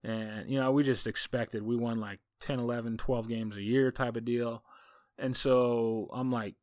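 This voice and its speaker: A man coaching football tells a story in a casual, rambling monologue. He speaks with folksy enthusiasm, his voice sitting at an everyday middle pitch. The sound is dry and close, with no room echo. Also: steady tone, measured pace, a little mellow. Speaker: football coach and podcast host.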